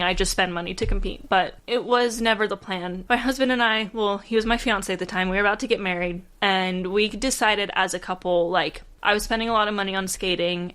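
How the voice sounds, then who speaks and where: A woman's voice: mid-range voice, a bit bright. A young woman hosting a reaction video, rambling in casual commentary and getting tearful and emotional as she talks. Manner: rambling, emotional, laughs between thoughts.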